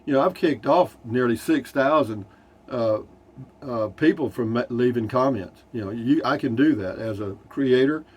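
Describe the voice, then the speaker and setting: A man's voice: medium pitch, moderate pace, husky. An older man with a Texan accent, casually reading viewer comments from his motorhome, rambling and dryly joking. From Texas. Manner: folksy, rambling, dry humor. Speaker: RV vlogger. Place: inside a Class C motorhome.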